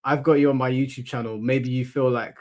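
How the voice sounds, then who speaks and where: A male podcast host riffs with his guests in a blunt, slangy, disbelieving tone. His voice sits at an ordinary middle pitch for a man. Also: steady tone, brisk, a little mellow. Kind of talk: casual podcast chat.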